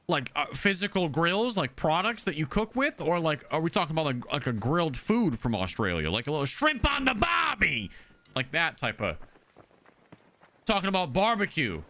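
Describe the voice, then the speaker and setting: A young American man chats with his stream audience in a brash, swearing, joking way. His voice sits fairly high and bounces around a lot. The tone is bright and forward. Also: sing-song, moderate pace. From United States. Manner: reads and answers chat aloud. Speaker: game streamer. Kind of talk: casual live-stream chat.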